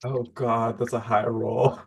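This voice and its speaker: A man's voice: mid-range voice, level tone, slow pace, vocal fry, husky. A man playing in an online tabletop game, dry and joking in casual chat. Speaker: player.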